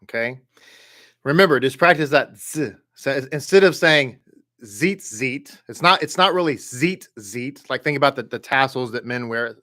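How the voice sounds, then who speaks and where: A man teaching a Hebrew reading class, patiently sounding out letters and syllables, with halting restarts and frequent check-ins. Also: mid-range voice, lively intonation, bright, forceful tone. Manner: patient, repeats sounds slowly for learners. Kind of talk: online class instruction.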